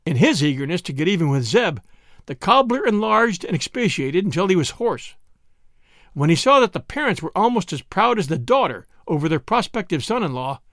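A man narrating a classic short story in an expressive storytelling manner. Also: sits high, no room sound, studio quality. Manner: expressive storytelling, lively delivery. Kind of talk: audiobook reading of a classic story.

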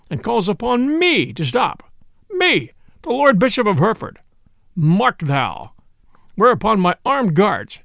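A man's voice: high voice, vocal fry, fairly bright tone, dry recording, clean studio sound, full character voice. A man playing a pompous, blustering old bishop. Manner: blustering, outraged.

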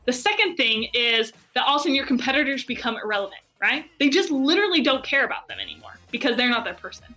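A woman's voice: sits high, quick pace, soft background music. A woman who runs a marketing agency, talking as a guest in an enthusiastic, conversational way and acting out other people's voices as she tells stories. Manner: animated, acts out quoted voices.

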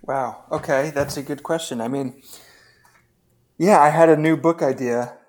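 A man's voice: a little high, measured pace, darkish tone. A man, a novelist, talking candidly and loosely about writing and his work in a casual conversation. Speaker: novelist guest.

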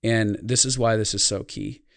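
A man's voice: lowish voice, steady tone, moderate pace, vocal fry, a bit bright, no room sound, clean studio sound. A man speaking as a guest on a podcast, telling a reflective personal story in an earnest tone. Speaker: podcast guest, life consultant. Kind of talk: podcast interview conversation.

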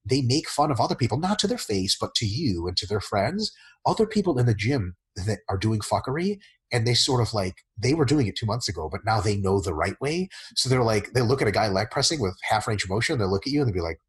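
A man with a very husky, raspy voice talks through coaching in a casual podcast Q&A. His pitch swings widely and he swears freely while acting out his clients in quick voices. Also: sing-song, low-quality recording. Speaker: fitness coach answering listener questions.

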